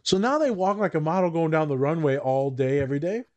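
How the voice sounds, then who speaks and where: A man's voice: fast talker, no room sound, muffled recording. Laughing man on a podcast, dry mic. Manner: laughs often, animated quoting in a higher voice. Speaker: podcast host. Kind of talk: casual chat.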